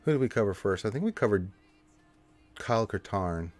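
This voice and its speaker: Faint music sits behind this fairly low-pitched man, who speaks animatedly and fairly quickly. Hosting a livestream, he wraps things up in a loose, rambling chat packed with fillers.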